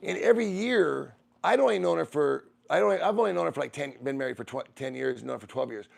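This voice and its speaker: Gravelly man telling a rambling story. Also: a little high, animated, fast talker, darkish tone. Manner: meandering, restarts and repeats phrases. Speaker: streamer.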